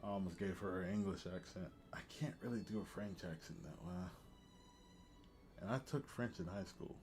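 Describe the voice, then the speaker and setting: A man's voice: low-pitched, moderate pace, darkish tone, soft background music. A tired man streaming a video game, chatting casually and correcting himself as he goes. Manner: rambling, self-correcting. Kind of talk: casual let's-play commentary.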